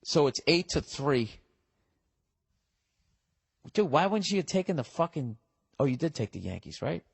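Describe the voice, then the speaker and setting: A man's voice: fairly high pitch, sing-song, normal speed, creaky, husky, no echo. Profane sarcastic man ranting on a podcast. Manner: profane, sarcastic, riffing and arguing with himself. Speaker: podcast host. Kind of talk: casual comedic podcast rant reading listener letters.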